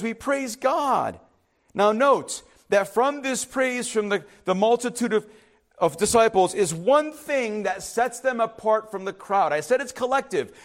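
Animated high-voiced man preaching. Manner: emphatic preaching, rising and dropping sharply; acts out skeptics in hushed asides. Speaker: pastor. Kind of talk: sermon.

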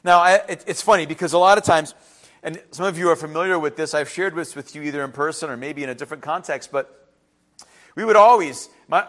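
A middle-aged male pastor delivering a sermon, swinging between loud emphatic lines and quiet personal asides. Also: on the high side.

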